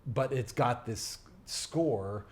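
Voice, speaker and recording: A man's voice: medium pitch, very slow. A middle-aged man, a stage actor, talking in a casual interview with many restarts and fillers. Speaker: guest, Broadway actor.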